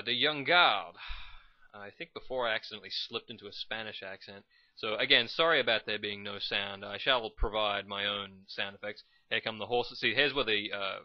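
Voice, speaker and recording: Man, low voice, casual rambling gameplay commentary, dry and lo-fi. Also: no room sound. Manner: rambling, casual, self-correcting. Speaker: gamer commentating his match. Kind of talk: let's play commentary. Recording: dull lo-fi recording.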